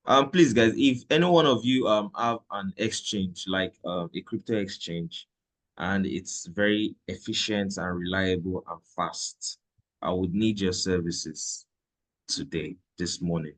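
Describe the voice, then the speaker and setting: A man's voice: low-pitched, unhurried. A man teaching a live trading lesson in a conversational way, repeating points and checking in with "okay?". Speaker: trading instructor.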